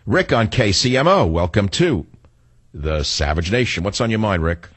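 Indignant husky male radio host. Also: fairly low pitch, big pitch swings, moderate pace, no echo. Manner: indignant, repeats rhetorical questions. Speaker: radio talk show host. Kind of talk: opinionated radio monologue.

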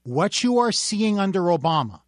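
High-voiced, indignant talk radio man. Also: big pitch swings, normal speed, no echo, clean studio sound. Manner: emphatic and indignant, ranting. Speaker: radio talk show host.

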